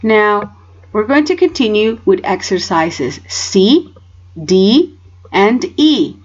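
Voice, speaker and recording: Woman teacher walking students thru an english lesson, slow and patient, keeps saying okay, kinda dull lo-fi sound. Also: medium pitch, sing-song, breathy edge. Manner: patient, step-by-step, checks in with "okay?" often. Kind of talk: recorded home lesson, giving instructions.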